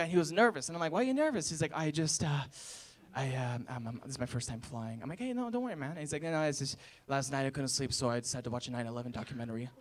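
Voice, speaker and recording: His voice runs a little high and a bit bright as this man in his 20s works through a college stand-up set. He spins stories and plays out family members and strangers, drawing laughter from the audience.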